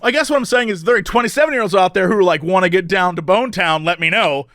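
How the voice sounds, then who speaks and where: A man's voice: high voice, quick pace, a bit bright, dry recording, studio quality. A man in his thirties co-hosting a comedy podcast, joking and laughing often in casual chat. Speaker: podcast co-host.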